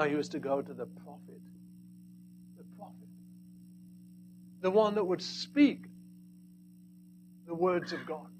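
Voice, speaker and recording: High-voiced preacher with dramatic swings. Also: male voice, slight background noise, poor audio. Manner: dynamic, swinging from loud emphasis to hushed asides. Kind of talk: sermon.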